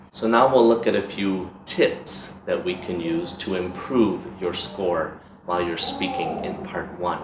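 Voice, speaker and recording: Casting: male English teacher from the US, lowish voice, steady explaining tone, echoey room with noise behind. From United States. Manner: measured, explanatory, reads out sample questions. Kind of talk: exam preparation lesson.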